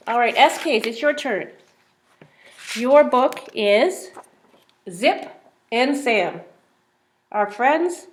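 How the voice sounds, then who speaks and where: Slow, lively woman teaching phonics. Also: fairly high pitch. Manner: slow, sounding out words and asking questions. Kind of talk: reading a phonics picture book to young pupils.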